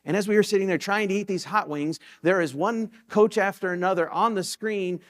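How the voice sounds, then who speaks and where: A man with a fairly high voice preaches in a church sanctuary. He talks like he's chatting with the congregation, then lifts into sudden emphatic bursts to drive a point home. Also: a little fast. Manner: conversational storytelling with sudden emphatic rises. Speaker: pastor. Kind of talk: sermon.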